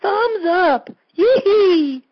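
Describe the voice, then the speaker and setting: A man putting on a high, sing-song falsetto as a gushing, perky female fan. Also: animated, extremely slow, muffled recording, full character voice.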